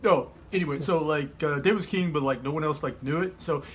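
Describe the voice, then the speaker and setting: A man's voice: a little high, fast talker, a bit bright, a little hiss or hum, lightly acted. A man voicing a laid-back, slangy surfer-dude storyteller in a comic kids' Bible lesson, rambling and full of "like" and "man".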